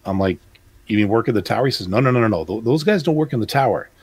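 This Calgary, Canada podcast co-host, a man in his fifties, has a lowish, breathy voice with lively intonation and a quick pace. In casual conversation he talks bluntly and with emphasis, often stumbling and restarting.

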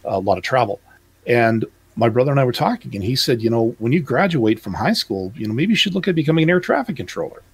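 A man's voice: medium pitch, lively intonation, quick pace, a little hiss or hum. A man in his fifties from Calgary co-hosting a podcast, talking bluntly and emphatically with stumbling restarts. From Calgary, Canada. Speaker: podcast co-host. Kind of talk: casual chat.

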